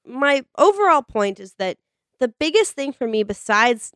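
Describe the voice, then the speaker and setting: High-pitched woman co-host, blunt and animated, dry close sound. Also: normal speed, no room sound. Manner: blunt, swears freely, animated. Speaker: podcast co-host. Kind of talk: casual group chat.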